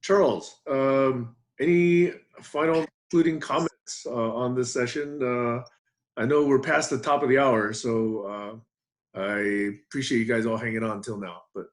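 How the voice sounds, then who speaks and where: A man's voice: medium pitch, fairly even intonation, a little slow. A man moderating a group video call in an upbeat way, leading the wrap-up and thanking everyone. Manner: upbeat, wrapping up. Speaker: session moderator.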